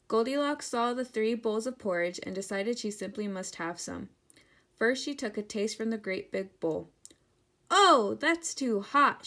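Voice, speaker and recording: A woman teacher giving an interactive children's read-aloud, speaking directly and warmly to the kids. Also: mid-range voice.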